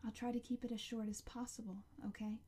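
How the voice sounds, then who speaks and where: A woman's voice: a little high, little pitch movement, brisk, warm tone, husky. A woman doing a tired, tender mother. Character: tired, gentle mother, ill, gently joking.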